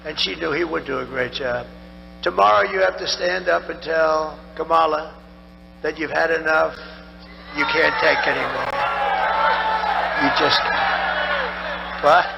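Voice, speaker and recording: A heavily gravelly, somewhat high-pitched older man holds forth at a political rally, wandering and boastful, circling back to the same phrases. His voice sounds strained from overuse. It rings through a large hall with long reverb, the sound dull and lo-fi over a steady hum. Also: a little slow, pauses often, a crowd in the background. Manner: rambling, repetitive, boastful. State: strained, tiring voice. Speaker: political candidate. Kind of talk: campaign rally speech. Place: large rally venue with a crowd.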